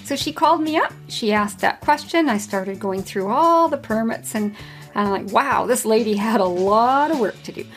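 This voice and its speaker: A woman's voice: a little high, expressive, normal speed, soft background music. A middle-aged woman hosting her own podcast, telling a workplace story in a casual way and often laughing as she goes. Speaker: podcast host.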